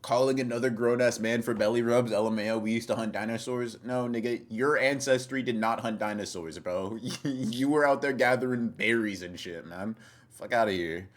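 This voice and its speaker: A man's voice: mid-range voice, normal speed. A man co-hosting a podcast in casual chat, swearing a lot and reacting with exasperation to his co-host. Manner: exasperated, profane banter.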